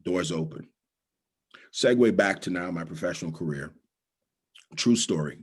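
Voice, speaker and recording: With a low, breathy-edged voice and a Bahamian accent, a middle-aged man from the Bahamas gives an animated motivational talk at normal speed. As guest speaker, he tells stories and repeats important lines to stress them.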